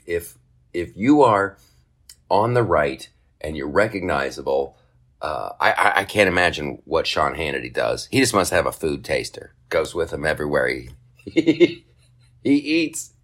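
A man hosting a podcast, telling a comic story in a casual, profane way and jumping into high mocking voices for other people. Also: very animated, moderate pace, a bit bright. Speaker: podcast host.

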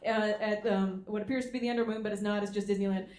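A woman's voice: medium pitch, steady tone, very fast, very noisy. Giggly woman telling a story. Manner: giggly, breaks into laughter. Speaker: panelist. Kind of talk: animated storytelling. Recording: roomy live room sound.

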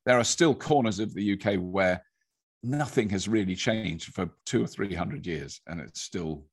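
An English man chatting as a podcast guest, a lively storyteller who restarts sentences and laughs as he goes. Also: low-pitched, normal speed, slightly rough. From England. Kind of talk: casual conversation.

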